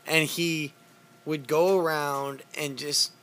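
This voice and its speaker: A man's voice: fairly high pitch, flat delivery, slow, fairly bright tone. A young man hosting a casual chat, profane and storytelling, often laughing. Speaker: podcast host.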